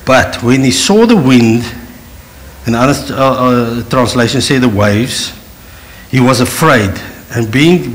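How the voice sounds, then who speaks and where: A man's voice: mid-range voice, a bit bright, low-quality recording. A middle-aged man with a South African accent preaching a sermon, acting out the Bible scenes in different voices and switching between storytelling and direct address. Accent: South African English. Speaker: pastor.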